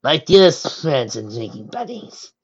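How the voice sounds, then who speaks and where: A reader voicing a warm, motherly female horse ruler who speaks heartily and gently teases, in a muffled lo-fi recording. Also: medium pitch, sing-song, unhurried, pitched above the performer's own voice. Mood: formal welcome.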